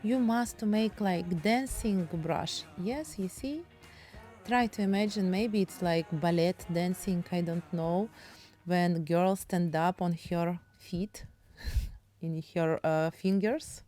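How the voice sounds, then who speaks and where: Female art teacher, Russian accent, unhurried chatty delivery in broken English, soft music underneath. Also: fairly low pitch, fairly even intonation. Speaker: painting teacher. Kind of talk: casual painting tutorial.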